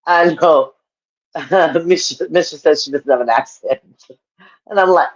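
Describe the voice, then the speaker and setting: A woman's voice: deep voice, unhurried, highs cut off. A woman hosting a livestream, chatting casually with her viewers, laughing often as she answers their comments. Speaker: livestream host.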